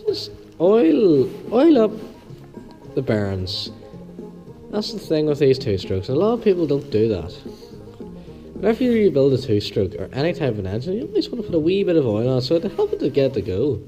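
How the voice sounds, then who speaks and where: A man with a voice gone hoarse from the flu talks through an engine rebuild at an ordinary pitch. He is casual and chatty, repeating each small step as he goes. Music plays behind him. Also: wildly swooping pitch, fast, dark tone, rough recording. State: hoarse, losing his voice with flu. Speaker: YouTube engine repair tutorial host. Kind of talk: casual step-by-step workshop demonstration.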